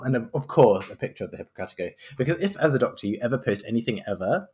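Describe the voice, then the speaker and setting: Lively man with sardonic podcast chatter. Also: mid-range voice, fast talker. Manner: sarcastic, animated, rambling. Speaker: podcast host. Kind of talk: casual podcast commentary.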